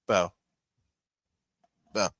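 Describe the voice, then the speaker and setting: A man hosting a casual livestream at home, chatting loosely and cooing softly to his puppies. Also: extremely slow, no room sound. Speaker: livestream host.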